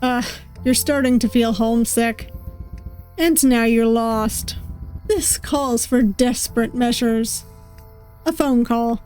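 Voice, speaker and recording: A woman's voice: a little high, fairly even intonation, slow pace, pauses often, mellow, faint music behind. A woman streaming a visual novel playthrough, reading its text aloud with playful voices and laughter.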